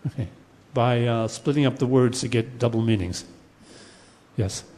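A man's voice: mid-range voice, normal speed, warm tone, a little hiss or hum. A man teaching a class on Sanskrit poetics. He explains patiently, sometimes chants Sanskrit verses, and often restarts his sentences with fillers. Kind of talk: classroom lecture. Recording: long hall reverb.

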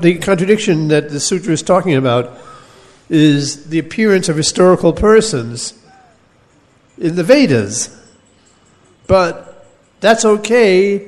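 A man's voice: high-pitched, darkish tone. Man teaching scripture in an echoing hall. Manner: measured, explanatory, pauses to reread quoted verses. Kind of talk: scripture class lecture. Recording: long hall reverb.

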